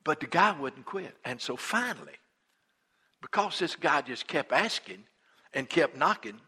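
Pastor type, male, folksy storyteller, slightly high voice with a husky edge. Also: animated, a little slow, sharp tone. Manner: folksy storytelling, retelling a parable in everyday talk; repeats and restarts words. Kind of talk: sermon.

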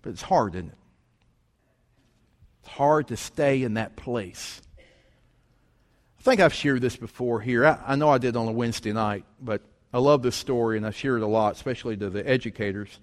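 A man's voice: medium pitch, moderate pace. A middle-aged man preaching a folksy, conversational storytelling sermon with rhetorical questions. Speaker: pastor. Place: church sanctuary. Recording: long church hall reverb.

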